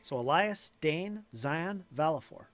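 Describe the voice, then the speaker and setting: A man's voice: fairly high pitch, unhurried, no room sound. Easygoing male game master. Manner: relaxed, conversational, with frequent fillers. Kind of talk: narrating a tabletop game.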